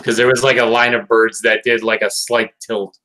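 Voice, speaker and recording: A man's voice: medium pitch, level tone, normal speed, bright, forceful tone, rough recording. A man co-hosting a casual cartoon review chat. He sounds tired, swears often, and rambles with many fillers and restarts. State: tired, yawning late at night. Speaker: podcast co-host reviewing a cartoon episode.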